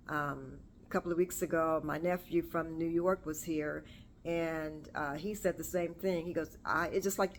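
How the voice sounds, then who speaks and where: A woman's voice: lowish voice, a little hiss or hum. A woman in her forties hosting a casual solo talk to camera, rambling and chatty, correcting herself as she goes. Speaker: podcast host. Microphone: camera or phone on self.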